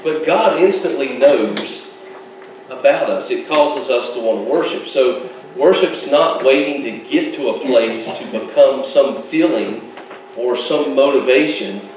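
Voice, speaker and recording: A male pastor preaches in a relaxed, folksy way, mixing jokes into his points. His voice rings out from a little distance in a very echoey church sanctuary, with faint room noise behind. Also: mid-range voice, a little slow. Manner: folksy, joking asides with laughs. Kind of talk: sermon.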